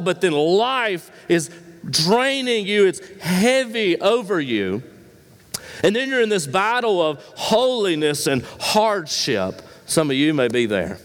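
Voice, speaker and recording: A man preaching a sermon as pastor, asking rhetorical questions and swinging between emphatic high lines and quiet low ones. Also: big pitch swings, measured pace, in a large hall.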